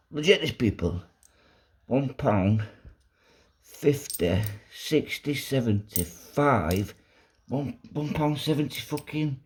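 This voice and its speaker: A man filming a do-it-yourself vlog while fixing a washing machine, excitable and swearing constantly. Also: a little high. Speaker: vlogger. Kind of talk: casual DIY vlog.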